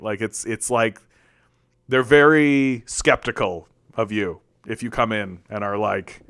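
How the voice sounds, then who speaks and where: A man's voice: on the low side, steady tone, unhurried, fairly bright tone, smooth, no room sound. A man hosting a political commentary stream, talking casually and answering chat, rambling with lots of restarts and fillers. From Canada.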